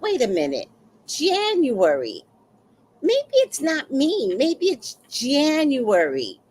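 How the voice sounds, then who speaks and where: Animated woman talking slowly on a livestream. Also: on the high side, slight background noise. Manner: emotional, animated storytelling. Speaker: livestream host. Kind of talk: casual livestream talk, reading chat.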